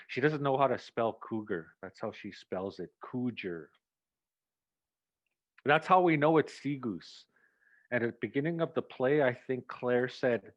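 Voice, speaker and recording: A man directing a community play, giving rehearsal notes in an animated way and acting out lines. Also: mid-range voice, normal speed. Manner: animated, acts out lines, chuckles often. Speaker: theatre director. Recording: dull, dry lo-fi sound.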